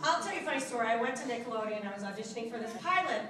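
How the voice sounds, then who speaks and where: A woman voice actress fields fan questions in a high, chatty voice, laughing and joking at her own expense. She is heard from a distance in an echoey convention hall with a crowd behind. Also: animated, racing. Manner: chatty, laughs often, self-mocking. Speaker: voice actress, panel guest. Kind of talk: casual convention Q&A.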